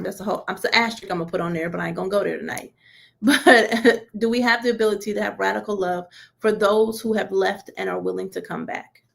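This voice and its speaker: A woman's voice: medium pitch, creaky. A woman leading a church teaching session in a conversational sermon style, informal and colloquial, asking listeners one rhetorical question after another. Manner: colloquial, relaxed grammar.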